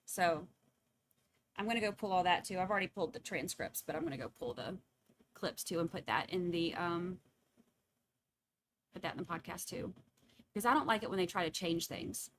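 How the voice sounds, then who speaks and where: A woman who comments on trials via livestream chats casually and rambles while signing off to her viewers. Her voice is on the low side, her pace moderate with frequent pauses, and there's background noise.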